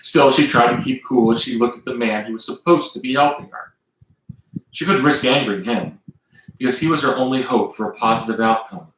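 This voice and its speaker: A man with a Southern US accent and a brisk, mid-range voice reads aloud from his own book on a live stream, a lively reader who now and then stops to chat with viewers. The recording is rough, with heavy reverb and a little hiss or hum.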